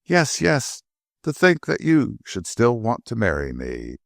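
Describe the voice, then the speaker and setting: A man voicing a gentle young woman who is tearful and overjoyed, in an audiobook. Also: medium pitch, wildly swooping pitch, a little slow, vocal fry, no echo, studio quality, full character voice. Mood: tearful joy. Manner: emotional, breathless with joy.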